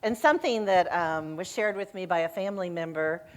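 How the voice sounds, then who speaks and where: A middle-aged woman, a senior minister, delivers a sermon full of lively stories, her voice climbing and dropping as she acts out quoted lines. She speaks briskly with a voice on the low side.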